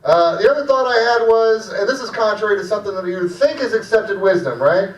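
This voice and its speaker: A man's voice: high-pitched, lively intonation, brisk, distant mic. A man hosting a comedy night, talking in a rambling, casual way with lots of fillers. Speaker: comedy show host. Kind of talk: stand-up set. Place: small cafe comedy room. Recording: dull, echoey room from afar.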